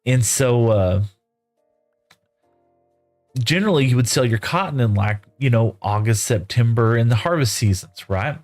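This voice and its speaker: A man's voice: mid-range voice, animated, unhurried, long pauses, a little mellow, faint music behind. Folksy, rambling middle-aged man. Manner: folksy, rambling, lots of "you know" and "right?". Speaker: streamer. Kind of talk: casual storytelling while gaming.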